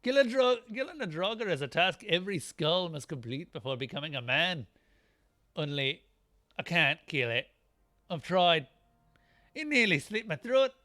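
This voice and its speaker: A man voicing a boastful young male Norse warrior, loud and declamatory, reading game dialogue aloud. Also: fairly high pitch, animated, normal speed. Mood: troubled.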